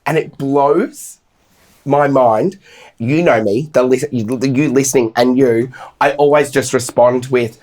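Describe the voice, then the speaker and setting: A man's voice: medium pitch, moderate pace. Sweary man co-hosting a podcast. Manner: blunt, sweary, animated storyteller. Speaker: podcast co-host. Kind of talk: casual podcast chat.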